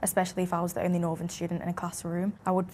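Quick young Manchester woman. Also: fairly low pitch, completely flat delivery, a little mellow, a little hiss or hum. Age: young adult. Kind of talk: interview clip.

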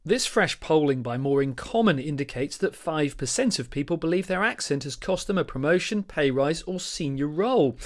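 A reporter narrating a scripted news report in an even, informative delivery. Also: medium pitch.

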